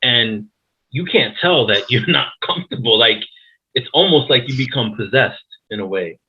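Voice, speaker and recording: A man's voice: medium pitch, lively intonation, moderate pace. Laid-back male host on a tinny line. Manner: laid-back, brief responses. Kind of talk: casual interview.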